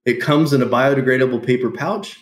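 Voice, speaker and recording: A man being interviewed about his business, telling lively stories, acting out quotes and laughing often. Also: medium pitch, brisk. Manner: animated storyteller, laughs often, acts out quotes. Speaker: podcast guest, entrepreneur. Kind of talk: casual interview storytelling. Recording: roomy echo.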